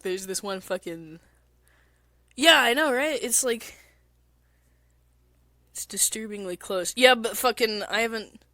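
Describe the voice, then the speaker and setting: On a stream from her basement apartment, a woman with a congested, mucusy throat chats casually, crude and rambling, swearing often and leaning on fillers. Her lowish voice sounds pushed and bright, with no echo.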